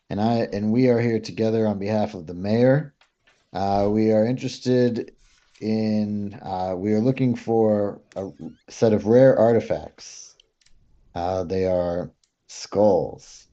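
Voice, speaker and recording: A man's voice: on the low side, dark tone, lo-fi sound, close to an everyday voice. A man voicing a polite male envoy for a mayor, formal and stumbling over his words. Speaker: player.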